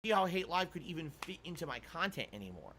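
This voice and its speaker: A male streamer talks fast to his chat from home, exasperated and lecturing. His voice is bright and a little high. A faint hiss of room noise sits behind him. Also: sing-song. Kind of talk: stream clip talking to chat.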